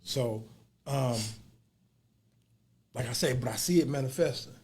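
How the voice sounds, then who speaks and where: A man hosts a podcast in a mid-range voice with a darkish tone, speaking a little slowly. His talk is casual and reflective, and he restarts phrases and repeats words as he thinks, dropping slang like "bruh."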